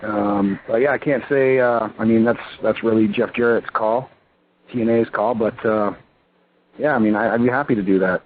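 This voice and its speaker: Wrestler guest in his thirties, excitable rambling talk, tinny phone line with a faint hiss. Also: medium pitch, normal speed. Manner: excitable, rambling, full of "you know" and "I mean". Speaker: pro wrestler, interview guest. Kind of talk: casual phone interview.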